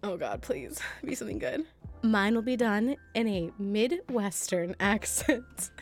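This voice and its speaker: A woman's voice: medium pitch, lively intonation, a little slow, faint music behind. A woman co-hosting a casual podcast, bubbly and giggling often between lines. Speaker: podcast co-host. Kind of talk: casual chat, party game.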